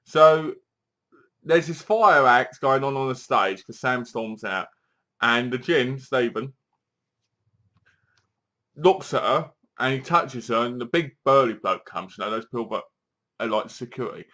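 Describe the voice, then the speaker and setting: A man giving a casual, animated movie review, acting out lines from the film as he goes. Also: medium pitch, unhurried, long pauses.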